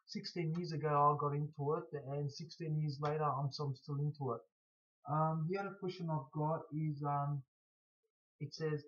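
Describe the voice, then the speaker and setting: A man with a blocked nose from hay fever, answering viewer questions in a casual, halting way with stutters and restarts. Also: fairly high pitch, a bit bright. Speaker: scrap collector vlogger. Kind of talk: casual to-camera Q&A. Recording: dull lo-fi recording.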